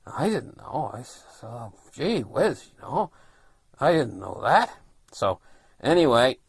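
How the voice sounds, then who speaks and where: A man's voice: medium pitch, very animated, measured pace, gravelly, slightly rough, dry recording, studio quality. A man in his fifties telling a long childhood story in a rambling, folksy way, with many fillers. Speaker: vlogger. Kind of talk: casual storytelling.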